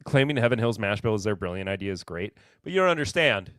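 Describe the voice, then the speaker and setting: A man's voice: lowish voice, very animated, quick pace, fairly bright tone, clear, resonant tone, dry recording, studio quality. Sarcastic man hosting a live whiskey podcast. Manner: rambling, sarcastic, self-deprecating. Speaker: podcast host. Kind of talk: casual live-stream whiskey chat.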